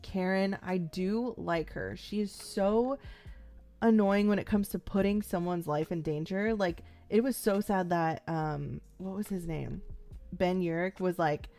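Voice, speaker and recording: Rambling young woman, mellow low voice. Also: measured pace, soft background music. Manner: rambling, lots of "like" and "um" fillers; playfully acts out characters' lines. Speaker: vlogger reacting to a TV series. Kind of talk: casual first-time-watch reaction chat.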